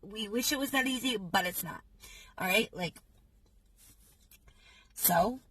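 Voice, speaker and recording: A young woman chatting casually in a self-help vlog, telling stories in an animated way with lots of fillers. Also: medium pitch, takes it slowly, a little hiss or hum, rough recording. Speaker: vlogger.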